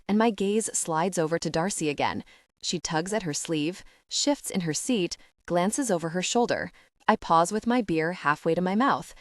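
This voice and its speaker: A woman narrating a first-person romance audiobook in a lively, conversational storytelling manner. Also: fairly low pitch, dry recording, studio quality.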